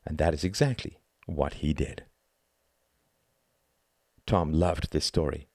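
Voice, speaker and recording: A man narrating a novel as an audiobook in a measured, expressive reading. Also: rumbling low, no room sound, studio quality.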